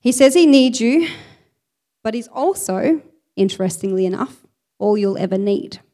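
A woman preaching a sermon, reading scripture aloud with lively emphasis. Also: fairly high pitch, normal speed.

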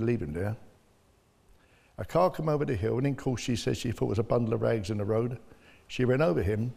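An older man gives blunt personal testimony as an interview guest, speaking as a bereaved father. His voice is mid-range, creaky and warm, and the recording carries a long hall reverb.

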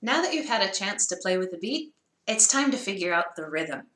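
Music teacher lady, super bouncy bright voice, echoey room, cheering kids on. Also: mid-range voice, big pitch swings, fairly quick, slight background noise. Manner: encouraging, chants the song rhythmically. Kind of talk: children's music lesson.

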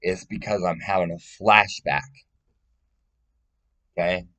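A man's voice: deep voice, steady tone, takes it slowly, bright, forceful tone. A man speaking in a casual personal monologue, rambling and blunt, swearing often and pleading emotionally.

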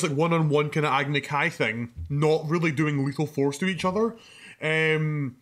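A young male podcast co-host in casual conversation. He tells a story with lively, profane energy and breaks into laughter mid-sentence. His voice sits slightly higher than most men's. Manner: animated, swears a lot, laughs mid-sentence.

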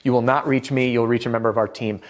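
A man's voice: medium pitch, fairly even intonation, fast. A man giving a direct, upbeat sales coaching lesson to camera, with a self-deprecating touch. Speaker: sales trainer.

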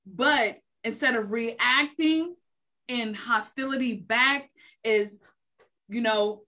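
A woman's voice: on the high side, slow, bright, forceful tone. A woman in a faith discussion who explains her points steadily, listing them one after another. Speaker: panelist.

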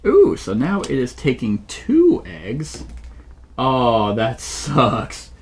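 A man's voice: mid-range voice, huge pitch swings, drawn-out words, husky. A man hosting a solo board game playthrough, thinking aloud and often searching for the right word mid-sentence. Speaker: channel host playing a board game solo.

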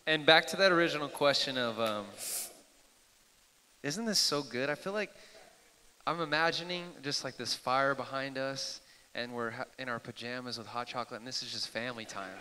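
Eager bright-voiced man in a hall. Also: mid-range voice, normal speed, slight background noise. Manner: eager, excitable, apologetic asides. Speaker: host. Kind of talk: live Q&A sharing. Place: church hall, live audience. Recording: echoey hall.

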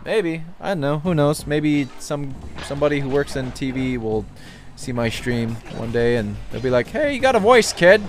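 A man's voice: mid-range voice, normal speed. A man streaming games in a casual, jokey way, talking back to what he sees on screen. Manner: animated, jokey, talks to the game. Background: game music.

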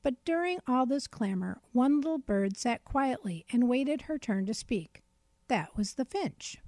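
A woman narrating a children's storybook in a gentle, clear read-aloud manner. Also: a little high, animated, measured pace, no echo.

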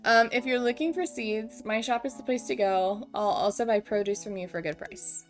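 A woman's voice: a little high, normal speed, soft background music, close to an everyday voice. A woman reading a friendly middle-aged male shopkeeper in her own voice, salesy and matter-of-fact.

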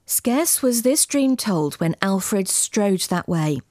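A woman reading a gothic tale as scripted narration, in a measured, dramatic, old-fashioned storytelling manner. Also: medium pitch, expressive, darkish tone, no echo, clean studio sound. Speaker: audiobook narrator.

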